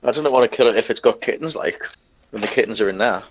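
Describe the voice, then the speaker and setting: A man playing a tabletop game, talking quickly and bluntly. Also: on the low side, slight background noise, rough recording. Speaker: player.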